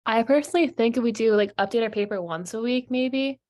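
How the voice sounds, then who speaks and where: A woman's voice: on the high side, brisk, a little mellow. A woman student speaking up in a class discussion, chatty and hedging with "like".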